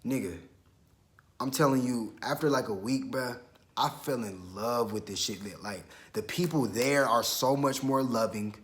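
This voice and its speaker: Young man from Georgia, slangy storyteller, mid-pitched, loose and profane. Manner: animated, quick retelling with self-quotes. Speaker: vlogger. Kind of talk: casual storytime.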